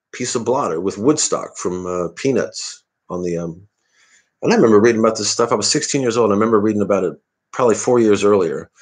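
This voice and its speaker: A man from the American Midwest, rambling and digressing through a casual live-stream monologue. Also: on the low side. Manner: rambling, digressive, self-interrupting. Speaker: comedian hosting a live stream.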